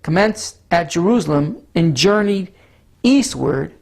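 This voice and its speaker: A pastor giving a Bible teaching sermon, hoarse from allergies, with a scratchy voice, clearing his throat and stumbling over names now and then. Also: sits high, lively intonation. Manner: measured Bible teaching with frequent small stumbles.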